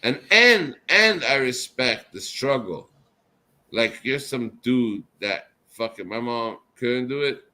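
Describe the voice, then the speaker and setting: A drunk man hosting a casual chat show, rambling and swearing, swinging between loud outbursts and mumbled asides. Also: fairly low pitch. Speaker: show host.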